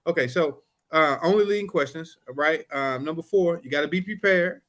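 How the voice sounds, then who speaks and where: A man who works as a trial lawyer, co-hosting a podcast and telling courtroom stories in a casual, animated way, acting out the exchanges. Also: a little high, moderate pace. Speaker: podcast co-host. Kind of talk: casual storytelling chat.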